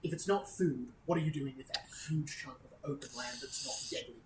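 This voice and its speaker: A woman with a very deep voice talks a little fast as game master of a tabletop game. She describes scenes with frequent ums and restarts, and the recording has a roomy echo with faint noise.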